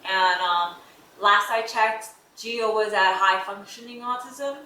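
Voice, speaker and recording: A woman's voice: mid-range voice, a little slow, sharp tone, recorded from a distance. A woman vlogging to camera as the mother of an autistic son, talking in a heartfelt, chatty way full of "like" and "um". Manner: heartfelt, chatty, many fillers like "like" and "um". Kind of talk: casual talk to camera. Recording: echoey room, voice a bit off-mic, faint noise.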